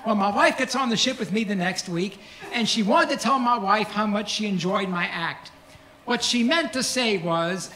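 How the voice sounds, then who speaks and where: High-voiced middle-aged comedian. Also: male voice, normal speed, a little hiss or hum. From Kentucky, USA. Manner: folksy, deadpan punchlines. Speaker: stand-up comedian. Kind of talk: stand-up comedy storytelling.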